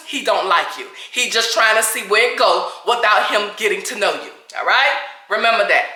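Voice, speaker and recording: Woman, emphatic dating advice vlog, lively swooping pitch, bright voice, echoey room. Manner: emphatic, repeats "all right?" and "okay?" constantly. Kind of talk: direct-to-camera advice talk.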